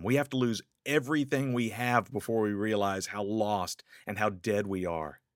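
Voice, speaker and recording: A man preaching a sermon, rising into urgent questions and dropping to hushed, slow lines. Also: lowish voice, no room sound, clean studio sound. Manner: dramatic swings between raised urgent questions and soft hushed lines.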